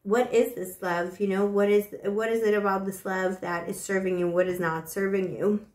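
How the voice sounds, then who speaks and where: Here a woman reads tarot casually on camera, affectionate and talkative with fillers such as "you know," a bit breathless at times. The pitch is medium and the intonation fairly even, her tone darkish and her speed normal, all in an echoey room.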